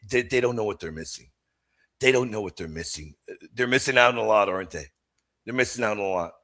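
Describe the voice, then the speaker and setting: A middle-aged man hosting a live stream, chatting with viewers and answering questions. His delivery is animated, and his pitch rises and falls a lot. His tone is bright and forceful. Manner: animated and emphatic, swings between loud exclamations and quiet asides. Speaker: host of a live Catholic apologetics stream. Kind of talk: livestream chat and Q&A.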